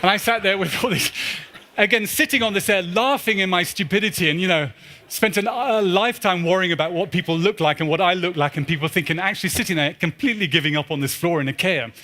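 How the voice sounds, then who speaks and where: Fast-talking man telling funny stories. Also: sits high. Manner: animated, acts out dialogue in put-on voices. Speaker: keynote speaker. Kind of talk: humorous storytelling talk. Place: large church.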